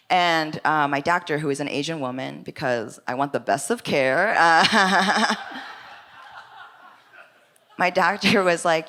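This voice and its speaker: Young woman storyteller, lowish but very bright voice, quick asides, self-mocking. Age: young adult. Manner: animated, chatty, self-deprecating, lots of asides. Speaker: storyteller at a live story slam. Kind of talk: comic stand-up storytelling. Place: stage before a live audience.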